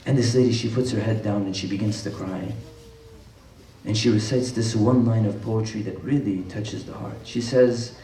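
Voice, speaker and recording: A man's voice: lowish voice, steady tone, moderate pace, dark tone, a little hiss or hum. A man preaching an impassioned sermon, retelling stories with emphatic rises in his voice. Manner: impassioned, rising to emphatic peaks. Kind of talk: sermon with retold dialogue. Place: large mosque hall. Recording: echoey hall, distant mic.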